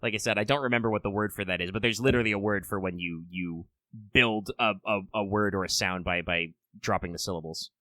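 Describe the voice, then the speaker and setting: A man's voice: on the low side, quick pace, sharp tone, no room sound. An American man co-hosting a casual podcast chat, rambling with frequent restarts and wry asides. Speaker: podcast co-host.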